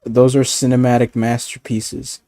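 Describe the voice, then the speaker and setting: A man ranting in casual chat as a streamer, animated and profane, often laughing. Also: medium pitch, unhurried, no echo.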